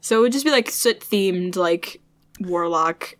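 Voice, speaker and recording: A woman's voice: fairly low pitch, expressive, measured pace, no echo. A woman co-hosting a casual book podcast, wryly retelling scenes as dialogue and laughing often. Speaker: podcast co-host.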